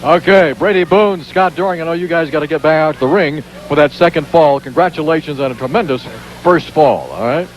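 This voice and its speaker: A man announcing a pro wrestling match with excited, exclaiming play-by-play commentary. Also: a little high, fairly quick, faint music behind. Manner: excitable, exclaiming, hype-driven. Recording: noisy 1980s TV broadcast.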